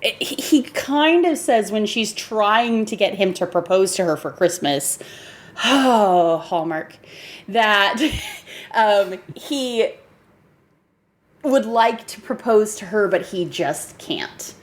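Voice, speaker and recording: A woman's voice: medium pitch, slow pace. A woman co-hosting a podcast, chatting casually about an old film, laughing often and acting out lines from it. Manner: animated, laughing, acts out quotes. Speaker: podcast co-host.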